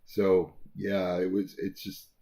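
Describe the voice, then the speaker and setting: A man's voice: low-pitched, completely flat delivery, slow pace, dark tone. A man co-hosting a casual album review chat, talking in a rambling way with many fillers and restarts.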